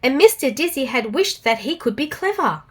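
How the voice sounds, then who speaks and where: Animated Australian woman reading aloud. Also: sits high, normal speed. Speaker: children's storyteller. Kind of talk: storybook read-aloud for children.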